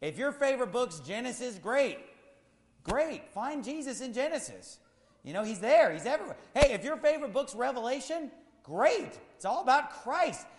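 A male pastor preaching an impassioned sermon, swinging between loud shouts and quiet, low asides. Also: sing-song, a little fast. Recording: long hall reverb.

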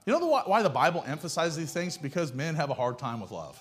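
Male preacher, high voice, folksy and blunt, pounds points home with rhetorical questions. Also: big pitch swings, fast. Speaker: pastor. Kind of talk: sermon.

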